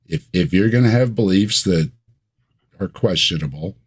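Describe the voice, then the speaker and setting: A low-pitched man with a husky voice chats as a guest. He is easygoing with dry humor and often stumbles over repeated words. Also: animated, normal speed. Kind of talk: casual chat.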